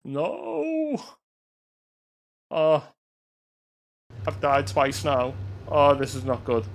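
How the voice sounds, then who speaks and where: A man commentating his gameplay, excitable and swearing, yelping and laughing at the action. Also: medium pitch, slow pace. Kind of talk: let's-play commentary. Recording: game gunfire loud in the mix.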